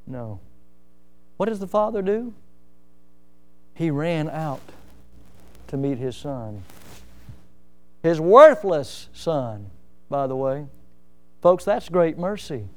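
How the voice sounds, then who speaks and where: A man preaching a sermon in a high voice with a smooth, resonant tone. He tells stories in a plain way and then builds to loud, emphatic peaks. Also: big pitch swings, slow, pauses often. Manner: preaching with rising emphasis and storytelling asides. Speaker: pastor.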